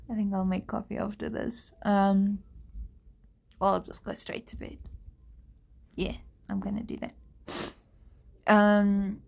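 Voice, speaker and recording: Slightly slow and fairly even in intonation, this woman's darkish, medium-pitched voice carries vocal fry and long pauses. Yawning with tiredness, she reads a novel to her live stream audience, pausing occasionally to chat and say sorry in an easygoing manner.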